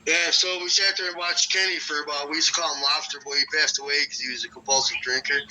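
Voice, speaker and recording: A man's voice: fairly even intonation, fast talker, a crowd in the background, rough recording. A man hosting a podcast, telling a rambling, profane story from northern Michigan in a loose, casual way. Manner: rambling, profane, acts out voices with big jumps in pitch. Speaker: podcast host.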